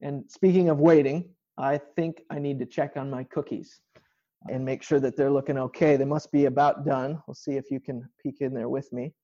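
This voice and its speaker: A man's voice: medium pitch, fairly even intonation, normal speed, mellow, lo-fi sound. A male pastor giving an informal online sermon from a home kitchen, explaining scripture in a conversational way.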